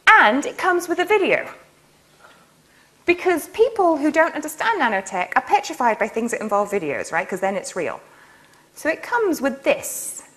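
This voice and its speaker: A woman lecturing in a university hall. Her voice is a little high and very animated as she jumps through stories with playful enthusiasm. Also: moderate pace. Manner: playful, enthusiastic storytelling with laughs. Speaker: nanotechnologist giving a public lecture. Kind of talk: lively public lecture.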